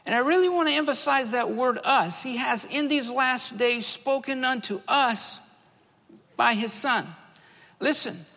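A man's voice: very high voice, sharp tone. A man preaching a sermon to a congregation, earnest and full of rhetorical questions. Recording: echoey church hall reverb.

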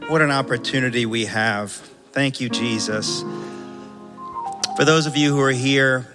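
A man's voice: medium pitch, measured pace, pauses often, bright, forceful tone, faint music behind. A man preaching a sermon and leading prayer in a church, fervent and emphatic, repeating his phrases for weight. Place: large church hall. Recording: long church hall reverb.

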